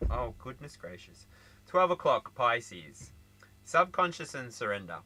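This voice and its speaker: An Australian man hosting a casual tarot reading, chatty and playful, with frequent laughter. His pitch swings widely, and his tone is very bright and forward. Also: measured pace, rough recording. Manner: animated, laughs often, chatty asides. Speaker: tarot reader.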